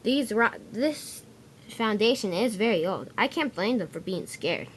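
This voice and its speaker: A woman's voice: lively intonation, a little slow, a little hiss or hum, lightly acted. A woman voicing a railway workman who cries out in alarm. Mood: worried. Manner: shouts in panic, high and strained. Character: excitable railway workman, adult man.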